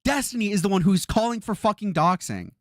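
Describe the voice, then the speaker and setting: Exasperated and swearing a lot, a man repeats himself while giving live-stream reaction commentary. His voice sits high and is expressive, brisk and a bit bright, captured in studio quality with no room sound.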